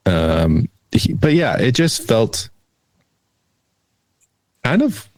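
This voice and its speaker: A man in his thirties, co-hosting a movie review podcast in an easygoing, measured casual chat. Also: medium pitch, very animated, a little mellow, no echo. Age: 30s. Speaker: podcast co-host.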